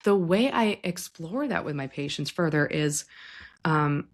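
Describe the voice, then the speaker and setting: A woman therapist hosting a podcast, talking gently and reflectively about family and healing, sometimes acting out what clients and their parents might say. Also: low-pitched, animated, unhurried. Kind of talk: conversational psychology talk.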